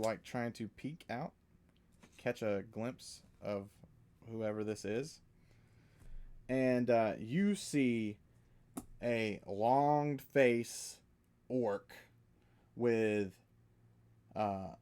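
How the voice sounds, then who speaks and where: A man narrating as game master of a tabletop game, with a mid-range voice. He talks slowly and haltingly, searching for words as he describes the scene. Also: medium pitch, darkish tone.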